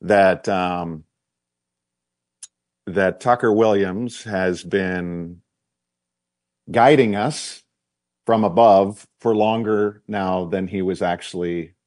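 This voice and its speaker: Low-voiced easygoing sports talk host man. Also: takes it slowly, long pauses, darkish tone, no room sound, clean studio sound.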